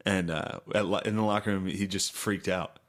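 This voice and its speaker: Casting note: young man, low voice, loose drawling storyteller who swears a lot. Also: steady tone, moderate pace, a bit bright. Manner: drawling, swears, acts out quotes. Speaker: podcast co-host. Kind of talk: casual crude chat, storytelling.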